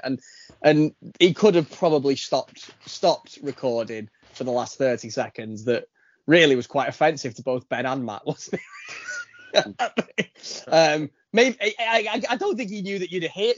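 A man's voice: on the high side, no echo, dull audio. A male podcast host in casual chat, laughing and tripping over his words.

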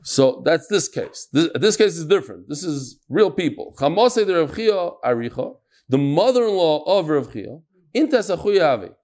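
Animated man teaching Talmud. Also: fairly high pitch, normal speed. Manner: mixes Yiddish-Hebrew terms into English, acts out dialogue.

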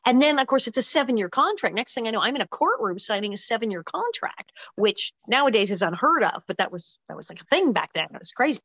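An older woman, an actress, telling a lively story about her early career in an interview, full of quick asides and acting out the people she talks about. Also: on the high side, dry recording, low-quality recording. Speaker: actress guest. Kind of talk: animated anecdote telling.

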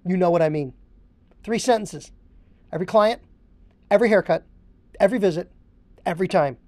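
A woman with a fairly low, mellow voice hosts an instructional podcast, speaking a little fast as she coaches haircutters. She drills phrases word for word with emphatic repetition, and there's no room sound.

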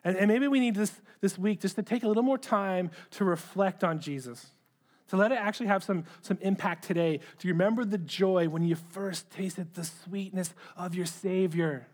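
A man's voice: sits high, moderate pace. A middle-aged man preaching a sermon, earnest, often repeating words as he starts a phrase. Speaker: pastor.

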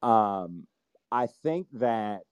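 A father talking on a podcast, earnest and a little halting, restarting his sentences as he explains his view. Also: lowish voice, expressive, darkish tone, clear, resonant tone, dry recording, highs cut off. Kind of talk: opinionated discussion.

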